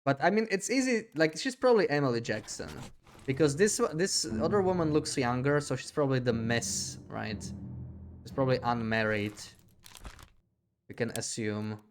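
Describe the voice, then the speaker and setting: A man's voice: mid-range voice, animated, moderate pace, a little hiss or hum. Young man streamer musing aloud. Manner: thinking aloud, hesitant, with frequent restarts. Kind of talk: live game commentary.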